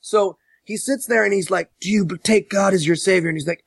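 Sarcastic high-voiced man ranting. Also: brisk, vocal fry, slightly rough, no room sound. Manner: sarcastic, profane, mocks quotes with shouted voices. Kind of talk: casual podcast movie rant.

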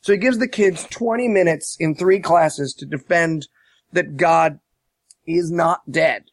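A man casually recapping a movie on a podcast, animated and profane, mocking as he tells it. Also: a little high, a little slow, no room sound. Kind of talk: casual chat.

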